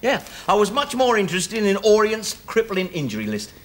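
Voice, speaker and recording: A man's voice: sits high, very animated, fairly quick. An actor playing a wisecracking ex-convict father, teasing and sardonic, on old TV sitcom audio. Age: 40s. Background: studio audience laughter.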